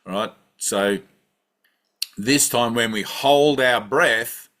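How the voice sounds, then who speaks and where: Speaking very slowly in a mid-range, fairly bright voice, a man delivers a conversational satsang talk as a spiritual teacher. He guides a breathing exercise and repeatedly checks in with "right?"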